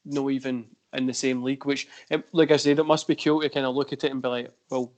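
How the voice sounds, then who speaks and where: A man hosts a casual podcast chat in a mid-range voice, quick-paced and flat in delivery. His sentences ramble and are full of fillers.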